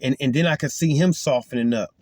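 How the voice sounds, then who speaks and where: A man's voice: mid-range voice, quick pace, a little mellow, dry recording. A man giving an earnest, emphatic spoken testimony as a Christian, retelling a confrontation in casual talk.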